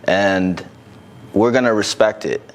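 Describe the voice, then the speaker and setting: A man's voice: on the low side, takes it slowly. A man co-hosting a podcast, talking frankly and casually about dating, with the occasional swear word. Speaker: podcast co-host.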